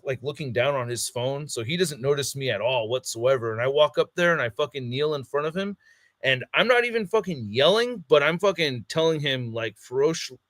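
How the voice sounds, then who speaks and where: A man's voice: on the high side, a bit bright, no room sound, clean studio sound. A man on a podcast, telling a heated story in casual chat, swearing a lot and acting out what people said. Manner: heated storytelling, heavy swearing, acts out quotes. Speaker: podcast co-host.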